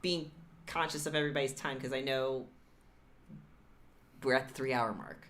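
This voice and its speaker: A woman's voice: a bass voice, steady tone, moderate pace, a bit bright. A woman serving as game master, narrating and wrapping up a tabletop game session over a voice call, rambling and reassuring with many fillers.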